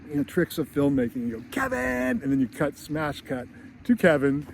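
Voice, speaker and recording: A man who hosts a screenwriting channel, recapping a movie in an animated, casual way. He laughs often and acts out lines as he goes. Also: mid-range voice, brisk, a little hiss or hum. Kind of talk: casual film recap and commentary.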